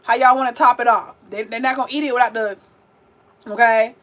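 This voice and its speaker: High-voiced sassy woman cooking live. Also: steady tone, fairly quick, a bit bright. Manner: chatty, sassy, talks straight to viewers. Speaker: vegan cooking livestream host. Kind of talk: casual livestream cooking chat.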